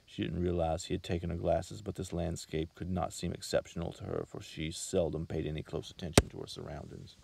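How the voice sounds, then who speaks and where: A man reading a short story aloud as an audiobook, in a measured, steady manner. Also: low voice, vocal fry, breathy edge. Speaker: narrator.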